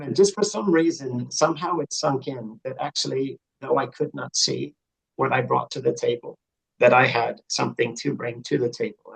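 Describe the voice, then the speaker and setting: A gravelly, mid-range male voice comes through a rough recording. He is a middle-aged podcast guest telling his story in a conversational interview, earnest and reflective at first, then building to fervent emphasis.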